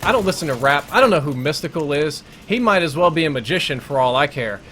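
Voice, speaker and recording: A man's voice: on the high side, lively intonation, fast, fairly bright tone, a little hiss or hum. A man streaming live gameplay, telling a long crude story in a rambling, self-interrupting way. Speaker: gaming streamer.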